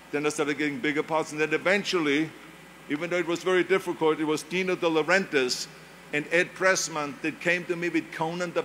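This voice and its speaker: A man's voice: on the high side, bright, forceful tone, slight background noise. An older man with a German accent, whose first language is German, giving an emphatic motivational speech full of storytelling. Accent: Austrian German. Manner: emphatic storytelling, mimics others' voices. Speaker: speaker giving a talk.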